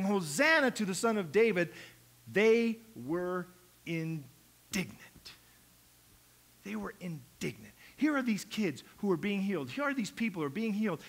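A man preaching a lively sermon in a high voice with a bright, forceful edge. He acts out the quotes he tells, dropping to near-hushed asides and then rising to loud, urgent calls. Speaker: pastor.

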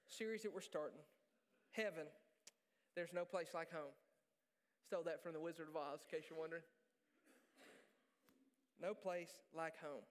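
A male pastor preaching a sermon in a church, joking and animated, poking fun at himself. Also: fairly high pitch, clean tone. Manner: joking, animated, self-deprecating. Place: church sanctuary. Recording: reverberant church hall.

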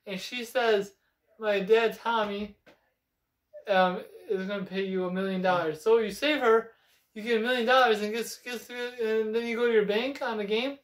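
This is a young man's high, steady-toned voice at an ordinary pace as he co-hosts a casual talk about video games. Rambling and sure of himself, he claims insider knowledge, and the room sounds echoey.

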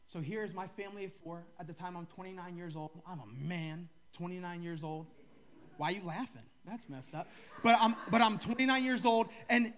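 A man preaching a sermon as a pastor, in a loose, conversational way, joking with and teasing his listeners. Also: fairly high pitch. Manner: conversational, joking, ribs the audience.

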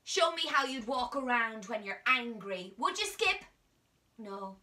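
A woman's voice: a little high, expressive, measured pace, sharp tone. A woman from Ireland leading a drama lesson for small children in a playful, coaxing way, often dropping to a whisper, filmed on a phone at home. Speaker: drama teacher. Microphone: phone camera. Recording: phone mic held at a distance.

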